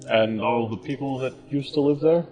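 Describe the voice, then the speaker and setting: A man voicing a deep-voiced gold dragon. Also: normal speed, a little mellow, reverberant, faint music behind, lightly acted, rough recording. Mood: probing.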